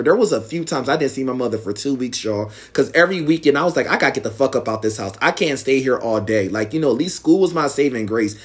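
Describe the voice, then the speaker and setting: A young man casually telling a personal story to viewers, acting out the quoted lines in a raised voice. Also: medium pitch. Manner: animated, acts out quotes in raised voice.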